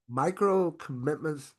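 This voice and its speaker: Leading an online sales training into his own camera, a man talks with conversational energy and keeps asking "right?". His voice sits on the high side.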